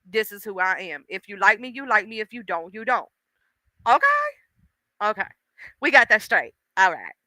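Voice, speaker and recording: A woman chatting casually on a livestream, animated and outspoken, rambling from thought to thought. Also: mid-range voice, normal speed, long pauses, no echo.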